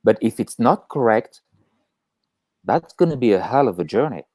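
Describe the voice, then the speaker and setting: Guy co-hosting a chill call, animated, swears a lot, dark mellow voice. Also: mid-range voice, normal speed, no echo. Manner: animated, swears freely, acts out inner voices. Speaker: podcast co-host. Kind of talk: casual chat on a call. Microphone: video call.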